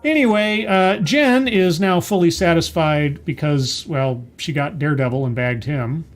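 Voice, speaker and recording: High-pitched sarcastic man recapping a show. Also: a little slow, faint music behind. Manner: sarcastic, mocking, sighing. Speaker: TV show reviewer. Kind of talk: casual episode recap and review.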